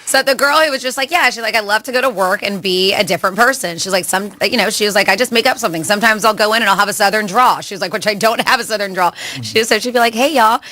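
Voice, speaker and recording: A woman's voice: mid-range voice, racing, few pauses, sharp tone, no room sound. A woman co-hosting a radio show, chatting casually and laughing often as she reads listener messages. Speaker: radio co-host.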